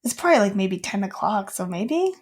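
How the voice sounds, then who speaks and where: A woman's voice: medium pitch, sing-song, brisk, husky. Young woman, podcast co-host, casual chat, storytelling, lots of "like". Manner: storytelling, many fillers like "like".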